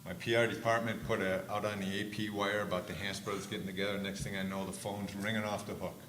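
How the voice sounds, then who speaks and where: An older man on a conference panel telling lively stories, acting out quotes loudly. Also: on the low side, quick pace. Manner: animated storyteller, acts out quotes loudly. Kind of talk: storytelling on a panel. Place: conference stage. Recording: echoey room with faint noise.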